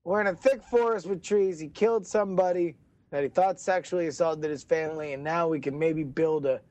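A man doing comedic improv, firing off jokey questions in quick banter. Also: on the high side, a little mellow, no echo. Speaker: improv player.

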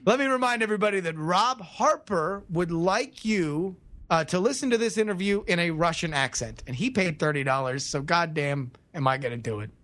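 High-voiced sarcastic man. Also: animated, normal speed, a bit bright. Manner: sarcastic, challenging, jokey. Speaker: podcast co-host. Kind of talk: casual comedic debate and sponsor reads.

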